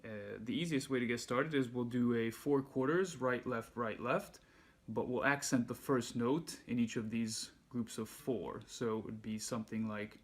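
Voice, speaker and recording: A man giving a handpan lesson, calmly explaining and counting beats aloud. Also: mid-range voice, moderate pace, hardly any pauses. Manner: relaxed, patient explaining, counts beats aloud while playing. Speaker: handpan teacher. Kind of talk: music lesson instruction. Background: handpan music.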